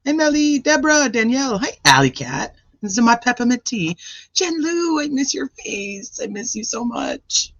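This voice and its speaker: A man hosting a true-crime livestream and chatting casually with viewers as he greets them by name. His voice is roughened by a cold. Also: very high-pitched, normal speed, no room sound. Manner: chatty and animated, rattling off greetings. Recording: dry, slightly dull lo-fi sound.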